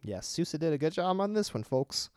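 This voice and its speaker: A man's voice: fairly high pitch, big pitch swings, fairly quick, a little mellow, no room sound, studio quality. A man with a Southern US accent co-hosting a podcast in casual chat, rambling with fillers and laughs. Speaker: podcast co-host.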